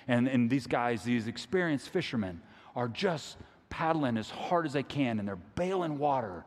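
Male pastor, folksy, halting and conversational, mid-pitched, preaching in an echoing hall. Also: a little mellow. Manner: conversational, repeats words, folksy. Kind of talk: sermon.

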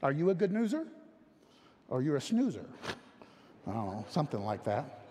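A man's voice: fairly high pitch, very animated, moderate pace, mellow, long reverb tail, slight background noise. A man preaching a sermon as a pastor, emphatic and repetitive, often restarting his phrases.

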